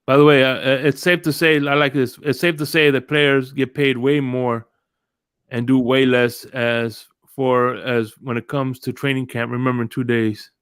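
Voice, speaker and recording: A man's voice: medium pitch, steady tone, moderate pace, a bit bright, smooth, no echo, studio quality. A man hosting a casual sports podcast, rambling through stories and greeting viewers as he goes. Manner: rambling, greets live chat viewers, tells stories with quoted voices. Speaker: podcast host.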